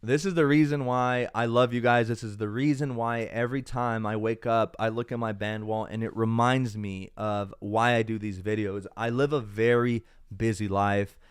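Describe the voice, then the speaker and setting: A man's voice: lowish voice, steady tone, normal speed, hardly any pauses, smooth. A young man hosting a casual live stream, chatting upbeat with viewers and slipping into Spanish now and then, while feeling unwell. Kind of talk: casual live-stream chat reading comments.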